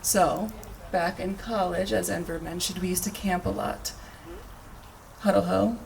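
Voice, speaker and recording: A woman giving a short, playful toast to friends, with quick asides. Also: fairly low pitch, fairly even intonation, gravelly. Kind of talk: brief humorous toast. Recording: distant mic with faint ambience.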